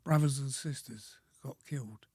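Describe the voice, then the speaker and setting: A 100-year-old war veteran reminiscing as an interview guest, speaking plainly and slowly, with pauses and throat-clearing. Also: male voice, medium pitch, mellow, dry recording, studio quality. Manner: plain-spoken, slow storytelling, frequent pauses and throat-clearing.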